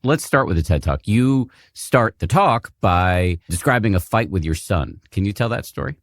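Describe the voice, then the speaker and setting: Deep-voiced male podcast host. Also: animated, moderate pace, no room sound, clean studio sound. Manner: wry, plugs and sets up segments. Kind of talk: interview hosting.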